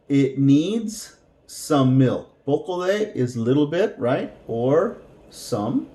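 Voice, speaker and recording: Slow, patient man teaching a language. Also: medium pitch, lively intonation, dark tone, reverberant. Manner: slow, patient, repeats words for practice. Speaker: Spanish teacher. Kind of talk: language lesson.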